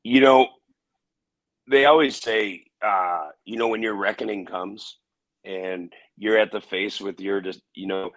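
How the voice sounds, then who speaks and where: A man telling a personal story in an interview, halting with restarts and fillers. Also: fairly low pitch, steady tone, poor audio. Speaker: interview guest.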